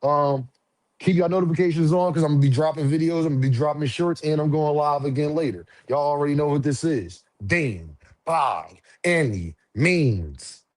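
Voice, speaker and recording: The boxing streamer here has a fairly high male voice at normal speed, with no room sound in the recording. He keeps the livestream chat casual, leaning on loose slang that's profane and repetitive.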